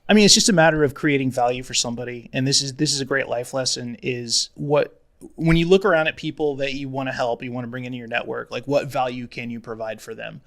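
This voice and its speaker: A man talks as a guest on a casual interview podcast, in an ordinary mid-pitched voice. He sounds frank and reflective. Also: fast talker, fairly bright tone.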